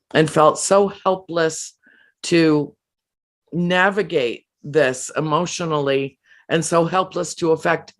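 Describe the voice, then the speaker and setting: Woman interviewee, slow and heartfelt, stumbles and restarts as she shares a personal account. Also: low voice. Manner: emotional, halting with frequent restarts and fillers. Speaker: guest. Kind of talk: earnest personal storytelling.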